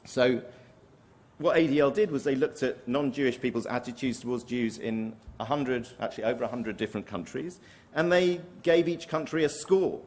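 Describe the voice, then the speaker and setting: A man presenting survey findings at a conference, measured and careful, with occasional ums and restarts. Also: medium pitch, darkish tone. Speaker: conference speaker. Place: conference hall.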